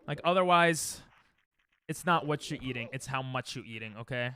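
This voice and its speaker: A young man streams a speedrun from home, rambling and joking with his chat while he plays. His voice is a little high and sharp in tone, animated, at a moderate pace.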